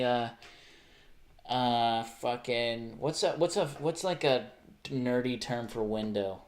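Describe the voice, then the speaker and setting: Unhurried and offhand, this man streams live and responds spontaneously to images and messages from viewers at a middling pitch. Cursing comes easily to him, laughter bursts out, and his sentences frequently halt and begin again.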